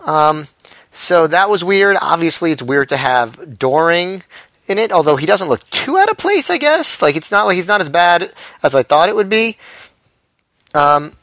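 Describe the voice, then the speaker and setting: A man's voice: fairly high pitch, sing-song, normal speed, fairly bright tone, no room sound. A man co-hosting a podcast, talking casually with many fillers and restarts. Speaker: podcast co-host. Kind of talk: casual chat.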